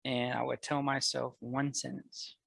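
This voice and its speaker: Earnest man with a gravelly voice. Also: medium pitch, level tone, unhurried, no echo, poor audio. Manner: earnest, emotional, grows loud and fervent about faith. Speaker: podcast guest. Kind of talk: candid personal conversation.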